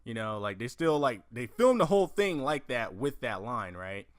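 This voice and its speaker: A man hosting a casual movie news podcast, profane and animated, acting out lines from films as he tells them. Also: mid-range voice, normal speed, dry recording, clean studio sound. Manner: profane, animated storytelling with acted-out quotes. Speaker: podcast host.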